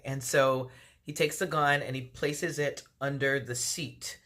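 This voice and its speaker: A woman's voice: rumbling low, a little slow, fairly bright tone. A woman from D.C. telling a personal story to camera as a vlogger, acting out both sides of the dialogue with lots of fillers. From Washington, D.C. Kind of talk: storytime monologue.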